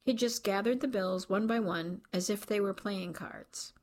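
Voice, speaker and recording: A woman reading a novel aloud in scripted, measured narration. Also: mid-range voice, darkish tone. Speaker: audiobook narrator.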